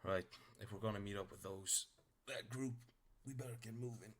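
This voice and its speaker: A weary armored male soldier grumbles in a lowish, bright voice, as a game master plays him. He sounds fed up. It is a tabletop-game character. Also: moderate pace, slight background noise, close to an everyday voice. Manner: tired, grumbling.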